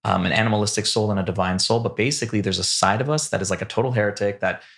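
A man's voice: lowish voice, racing, gravelly, fairly bright tone. A young adult man, a rabbi guest on a podcast, explaining ideas earnestly in casual talk with everyday examples. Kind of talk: casual chat.

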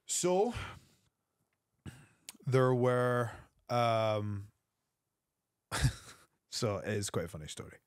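A man, a wrestler telling an animated backstage story as a guest on an interview show. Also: dry recording, clean studio sound. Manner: animated storyteller, quick bursts of pitch.

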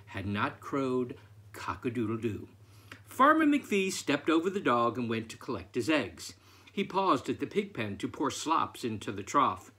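A man, a picture book author, reading his own story aloud in an expressive, theatrical way. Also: medium pitch, breathy edge.

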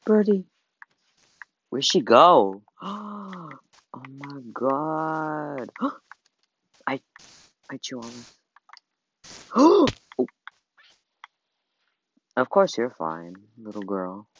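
A gamer chatting casually while playing with a friend, excitable and teasing, often gasping and squealing. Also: medium pitch, drawn-out words, long pauses. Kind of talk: casual gameplay chat. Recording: dull lo-fi recording.

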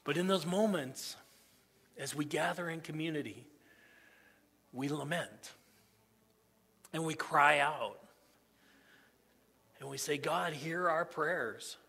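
Earnest preacher guy, bright forceful voice, long church reverb. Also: a little high, slow pace, vocal fry, pauses often, slightly rough. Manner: earnest, repeats himself, swings from hushed to loud. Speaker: pastor. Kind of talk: sermon. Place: church sanctuary.

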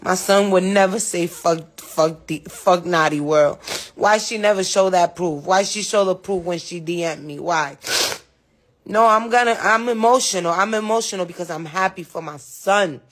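A woman's voice: on the low side, normal speed. A woman being interviewed about her son, speaking with emotion, bluntly, and with plenty of swearing. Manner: blunt, outspoken, swears freely. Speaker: interviewee, mother of a rapper.

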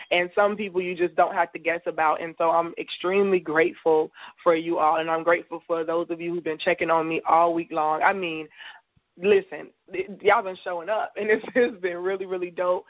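Woman host, live faith chat from her bed, unhurried and reflective, dry dull lo-fi stream audio. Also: lowish voice, no room sound. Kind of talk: live faith talk show. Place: at home in bed.

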